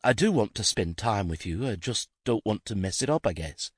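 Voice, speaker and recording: A man's voice: on the low side, lively intonation, normal speed, slightly rough, dry recording, studio quality, voice pushed up. A man voicing a shy, nervous young man who speaks hesitantly and in a hurry.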